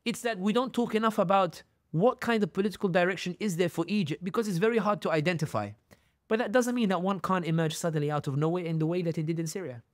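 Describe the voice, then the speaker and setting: High-voiced man, animated political storytelling. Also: quick pace, no echo, studio quality. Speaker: guest commentator. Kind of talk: podcast interview.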